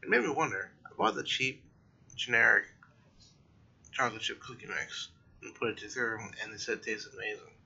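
A man's voice: mid-range voice, sing-song, brisk, gravelly, long pauses, bright, forceful tone, breathy edge, dull audio. A tired man hosting a casual solo podcast late at night, rambling and correcting himself as he goes. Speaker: podcast host.

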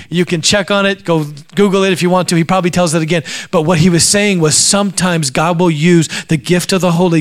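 A man preaching a sermon, telling stories and acting out the people in them. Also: sits high. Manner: acts out quoted voices while telling stories. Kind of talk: sermon storytelling.

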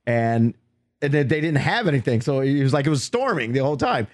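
A man's voice: medium pitch, fairly quick, no echo, studio quality. Easygoing man with a mid-range voice. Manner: relaxed storyteller with fillers, laughs easily. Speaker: podcast co-host. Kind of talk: casual comedic chat.

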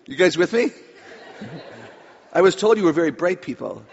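With a fairly low, animated voice and a slightly slow pace, the author and speaker on children keeps her live audience engaged through a humorous, playful talk. The big hall gives long reverb and a dull, lo-fi sound, with slight background noise.

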